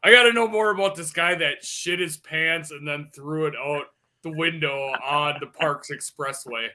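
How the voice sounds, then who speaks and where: A man's voice: on the high side, moderate pace, bright, forceful tone. A man co-hosting a podcast in casual chat, laughing often and asking eager questions.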